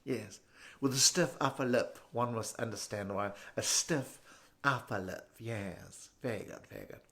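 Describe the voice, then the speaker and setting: A man voicing a pompous, posh British bank manager who speaks with a stiff upper lip, slow and condescending. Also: lowish voice, gravelly, sharp tone, pitched below the performer's own voice, heavily acted. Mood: haughty. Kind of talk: stand-up comedy impression.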